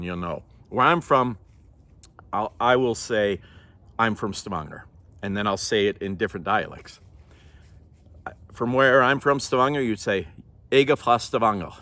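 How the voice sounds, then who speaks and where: Norwegian-born guy vlogging, kinda low voice, laughs a lot, throat a bit scratchy. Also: a bit bright, dry recording. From Norway. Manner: chatty, laughs often, self-correcting. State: throat trouble, clears throat. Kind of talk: casual talk to camera.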